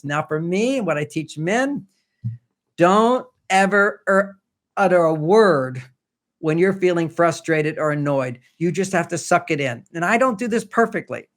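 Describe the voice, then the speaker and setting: An older man speaking as a podcast guest, his voice sitting a little higher than most men's. He tells relationship stories in a loose, chatty way and acts out what each person in them said. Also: expressive, normal speed, few pauses. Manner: anecdotal, acts out quoted dialogue. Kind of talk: conversational storytelling.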